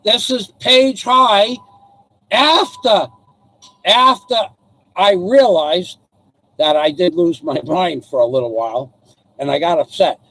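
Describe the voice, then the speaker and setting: An older man hosting a live stream, rambling in a theatrical, self-mocking way with loud outbursts. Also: high-pitched, slow pace, long pauses, poor audio.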